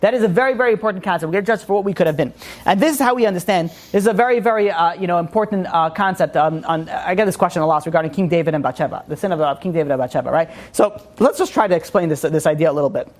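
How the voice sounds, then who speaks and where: A man giving an informal religious class, rambling with many restarts and animated asides. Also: high voice, rapid-fire. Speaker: Torah teacher.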